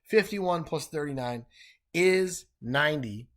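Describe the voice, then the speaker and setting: A man's voice: fairly high pitch, lively intonation, takes it slowly, a bit bright. Upbeat man working math problems aloud. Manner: upbeat, self-talking, with playful slang asides. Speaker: math teacher. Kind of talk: recorded review lesson, working problems aloud.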